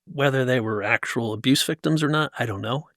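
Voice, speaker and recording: A man's voice: medium pitch, a little fast, a bit bright, no echo, clean studio sound. A man from New Jersey, a guest in an interview, telling a personal story in an intense, emphatic way with frequent restarts. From New Jersey, USA. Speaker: guest, motivational speaker. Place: tent set used for a podcast.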